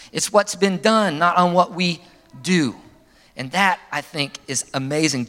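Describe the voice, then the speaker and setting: Man preaching in a reverberant hall. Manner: animated preaching, pitch swinging up for emphasis and dropping low at phrase ends. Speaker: pastor. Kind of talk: sermon.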